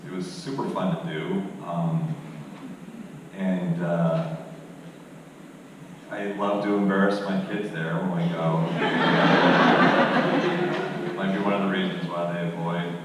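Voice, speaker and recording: Deep-voiced man in an echoey convention hall. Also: level tone, slow pace, pauses often. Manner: laid-back, self-deprecating, chuckles often. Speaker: convention panel guest. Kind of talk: relaxed anecdotal storytelling. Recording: distant, echoey hall with ambient noise.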